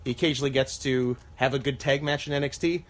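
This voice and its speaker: A man co-hosting a casual chat podcast. He rambles through his points, laughing often. His sentences drift lower and quieter as they trail off. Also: fairly even intonation, quick pace, a little hiss or hum. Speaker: podcast co-host.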